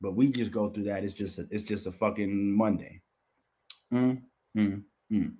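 A man's voice: on the low side, normal speed, mellow. A man commenting on video clips in an aggressive, profanity-heavy rant.

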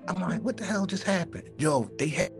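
A man, co-hosting a podcast and telling a long story in an animated way, repeating words and swearing freely. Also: on the high side, normal speed, over music. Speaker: podcast co-host. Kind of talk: casual storytelling chat.

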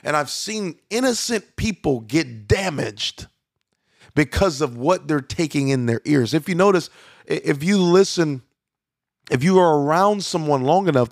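A man's voice: a little high, expressive, normal speed, gravelly, dry recording, clean studio sound. A man preaching as a pastor, talking conversationally with frequent restarts and fillers. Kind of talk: sermon.

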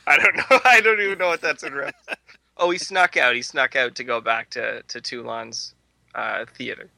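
A young man with a very bright, ringing voice, joking through a movie discussion on a podcast. He riffs with crude humor and breaks into laughter often. The sound is close and dry. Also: mid-range voice, fairly even intonation, normal speed, gravelly, dry recording. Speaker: podcast co-host. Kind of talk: casual movie commentary podcast.

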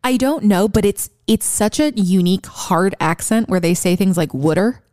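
A woman's voice: medium pitch, normal speed, a little mellow, no room sound, studio quality. A young woman co-hosting a podcast in casual chat, enthusiastic, swearing freely and laughing often. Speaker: podcast co-host.

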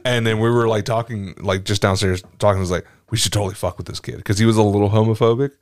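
A man co-hosting a casual podcast who tells stories with frequent laughter and jumps up into a high register. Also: steady tone, quick pace, no echo, studio quality. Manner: laughs a lot, goes to high, giggly peaks when telling stories. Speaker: podcast co-host. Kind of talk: casual storytelling chat.

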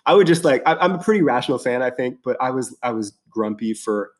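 A man talking at a medium pitch, tumbling over his words with lots of "you know" and false starts. He chats casually and gets excited as he goes. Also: quick pace. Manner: excited, rambling with many fillers and restarts. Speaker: podcast guest. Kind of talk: casual chat.

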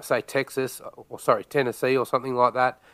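Australian guest, easygoing man, smooth clear voice, dry close sound, casual podcast chat. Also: medium pitch, little pitch movement, a little fast, a bit bright, no room sound. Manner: laid-back, opens points with "look".

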